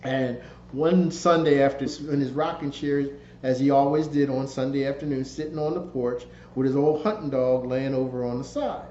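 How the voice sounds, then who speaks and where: A man's voice: medium pitch, moderate pace, hardly any pauses, slight background noise. Guy reading his own book like he's just chatting, folksy, bit muffled and roomy. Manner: relaxed and folksy, with restarts and repeated phrases. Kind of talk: conversational storytelling narration.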